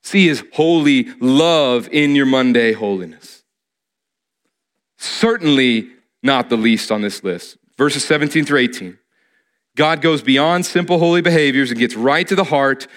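A man's voice: mid-range voice, fairly bright tone. A man preaching a sermon, earnestly repeating key phrases for emphasis, with some restarts as he speaks.

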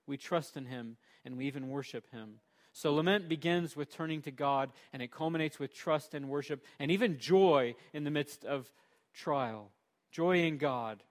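A male pastor with a high voice delivers a sermon. He is emphatic, swinging from loud, punchy lines to quiet, low ones. He slows right down to lean on key words.

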